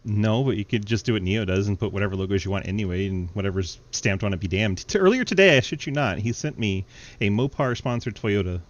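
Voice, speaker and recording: Excitable young male race commentator. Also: lowish voice, fast, dull audio. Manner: excitable, laughs often, casual banter. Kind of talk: sim racing play-by-play commentary.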